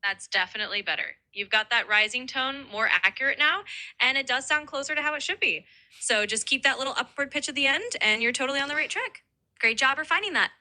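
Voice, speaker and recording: A woman's voice: sits high, animated, quick pace, sharp tone. A synthetic woman's voice acting as an AI language tutor, upbeat and encouraging, overly nice. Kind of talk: chatbot voice assistant.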